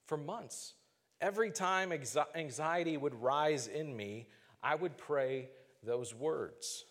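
A man preaching a sermon as pastor, earnest and measured, slowing down to stress key phrases. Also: a little high, a bit bright, long reverb tail.

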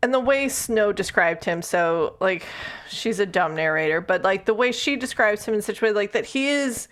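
A woman's voice: medium pitch, expressive, normal speed, fairly bright tone. A woman co-hosting a podcast, chatting casually about a book and laughing often as she acts out characters' lines. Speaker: podcast co-host.

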